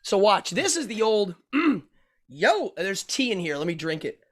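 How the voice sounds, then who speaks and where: Animated, storytelling male magician. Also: sits high, unhurried. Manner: animated storyteller, laughs often. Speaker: guest magician and ventriloquist. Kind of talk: casual interview chat.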